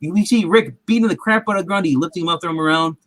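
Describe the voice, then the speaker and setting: A man's voice: on the high side, fast, fairly bright tone, dry recording, rough recording. A man recapping a show in casual, rambling chat, acting out quotes in different voices. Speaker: comic show recap host.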